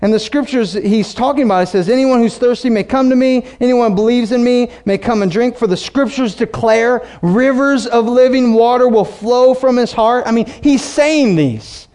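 Man, pastor, sermon, high voice, lively preaching, acts out quotes. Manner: animated preaching, reads scripture slowly, acts out voices.

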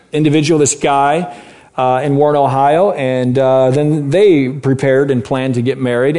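The congregation hears a personal story from a lively preacher in his late thirties who moves back and forth between booming and quiet. He speaks in a slightly high voice.

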